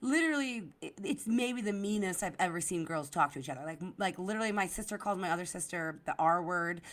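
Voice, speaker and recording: Philly-area comedian lady on a podcast, super animated, curses a lot, says literally every other word. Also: lowish voice, fast talker. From Delaware County, Philadelphia area. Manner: animated storyteller, swears freely, lots of "like" and "literally". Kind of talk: casual podcast chat.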